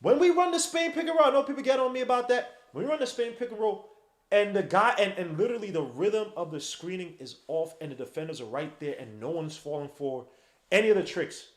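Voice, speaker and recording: A man's voice: high-pitched, brisk, reverberant. A man hosting a live game watch-along stream, ranting in slangy, casual talk and calling listeners bro. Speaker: podcast host.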